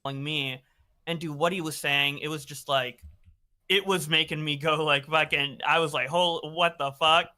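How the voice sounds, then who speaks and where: A male caller with a very bright, sharp voice tells his side of things. He rambles with lots of fillers and restarts, sounding defensive. His voice stays crisp and smooth. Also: on the high side, level tone, normal speed. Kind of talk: call-in conversation.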